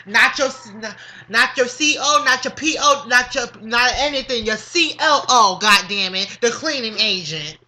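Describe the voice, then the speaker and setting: A woman rants straight to her camera in a high, bright, cutting voice. She swears freely and stacks up emphatic jabs, circling back to "understand?" to drive each point home. The tone is sassy, comedic and full of attitude. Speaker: vlogger. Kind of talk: profane comedic rant to camera.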